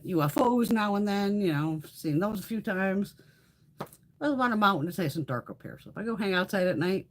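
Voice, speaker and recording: A woman's voice: deep voice, a little hiss or hum. A middle-aged woman hosting a beauty livestream, chatting casually with viewers, swearing freely and laughing often.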